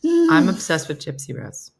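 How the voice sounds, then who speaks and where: A woman's voice: mid-range voice, huge pitch swings, normal speed, creaky, over a noisy crowd. A middle-aged American woman hosting a casual live morning show, chatting and joking with viewers by name in a self-mocking way. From United States. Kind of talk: casual live-stream chat reading comments.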